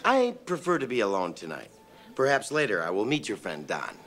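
An actor playing a naive, bumbling ninja who speaks stiffly and formally, heard in a movie clip. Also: male voice, lowish voice, huge pitch swings, a little fast, a bit bright. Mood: earnest. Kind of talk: film dialogue.

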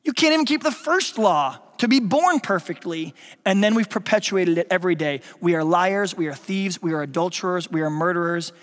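A man's voice: high voice, brisk, a bit bright. A man preaching a sermon as pastor, playful and quizzing the congregation with questions. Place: church sanctuary. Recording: long reverb of a church hall.

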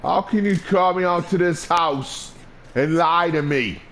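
A man's voice: a little high, unhurried, fairly bright tone. A man trash-talking and taunting through a let's play, cursing and repeating short phrases over and over. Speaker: gamer.

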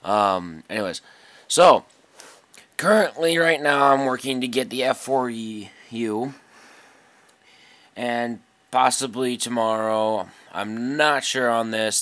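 A man's voice: medium pitch, takes it slowly, fairly bright tone, smooth, no room sound. A young man giving casual, frustrated commentary over a flight combat game, muttering and swearing at enemies. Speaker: gameplay commentator. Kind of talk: live gameplay commentary.

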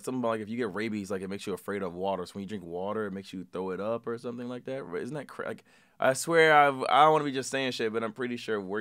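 A man's voice: on the low side, a bit bright. A man hosting a reaction video, talking in a casual, profane and rambling way full of slang.

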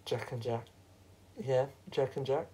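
A fan performer voicing a shy, polite evicted woman housemate in a fan-made reality show, talking softly and hesitantly. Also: mid-range voice, level tone, a little slow, close to an everyday voice, rough recording.

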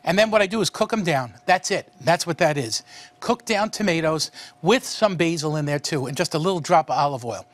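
A man's voice: on the high side, lively intonation, brisk. A man hosting a cooking show, chatting folksily while he cooks. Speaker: cooking show host, a monsignor.

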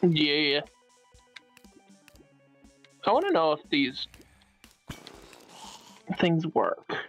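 A man chatting casually while playing a video game, reacting excitably with frequent swearing. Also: on the high side, very slow, soft background music. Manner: excitable, swears often in exclamations. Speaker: gamer. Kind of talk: casual gaming chat.

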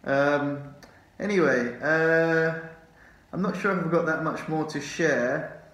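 A man's voice: fairly high pitch, slow pace, a bit bright. Rambling man in a roomy hospital room. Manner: rambling, chatty, swears and laughs often. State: drowsy from morphine. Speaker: vlogger. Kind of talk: casual vlog chat. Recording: roomy echo.

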